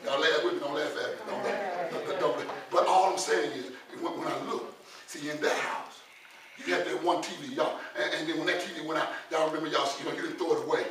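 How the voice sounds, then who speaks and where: A middle-aged man preaches in a high voice, tumbling over repeated words before climbing to shouted peaks. He sounds far from the mic in a heavily echoing church, with the congregation clearly heard around him. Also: steady tone, a little fast, crowd noise. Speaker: pastor. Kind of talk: preaching a sermon.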